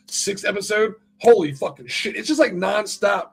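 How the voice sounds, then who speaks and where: A man hosting a casual podcast, talking in a profane, rambling, animated way. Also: high-pitched, rapid-fire, gravelly, few pauses, slightly rough, soft background music. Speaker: podcast host. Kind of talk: casual chat.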